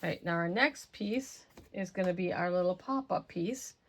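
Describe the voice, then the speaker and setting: A woman with a lowish voice hosts a craft tutorial at a moderate pace, casually explaining each step as she works with her hands. She murmurs to herself along the way, and her voice sounds slightly worn and is losing strength.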